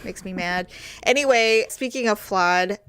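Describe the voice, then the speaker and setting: Woman, podcast co-host, casual chat, animated storytelling, dry close mic. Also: medium pitch, unhurried, smooth, no room sound. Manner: animated storyteller, acts out quoted voices with big jumps.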